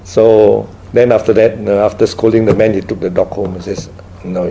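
Creaky-voiced man giving a dharma talk. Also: fairly low pitch, level tone, warm tone, slight background noise, poor audio. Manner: tag questions like "right?" after nearly every point; unhurried, storytelling delivery. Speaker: Buddhist teacher. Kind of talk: dharma talk with audience questions.

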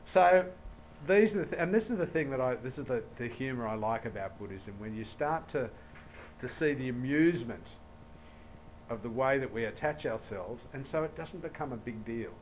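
A man's voice: mid-range voice, animated, normal speed, slight background noise, rough recording. A man giving a Buddhist dharma talk to an audience, telling anecdotes and acting out dialogue in a jokey way. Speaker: Buddhist teacher.

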